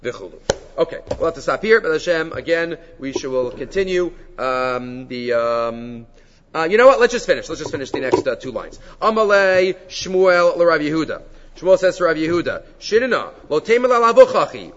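A man giving a Talmud class lecture, explaining sources in an animated way with Hebrew and Aramaic terms and frequent fillers. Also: fairly high pitch, brisk. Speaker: Talmud teacher. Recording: dull audio in a reverberant hall.

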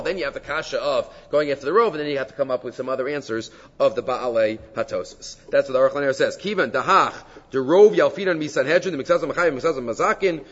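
Man, fairly high voice, Talmud class teacher, animated and full of fillers, dull recording with long hall reverb. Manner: animated, mixing Hebrew and Aramaic terms, frequent fillers.

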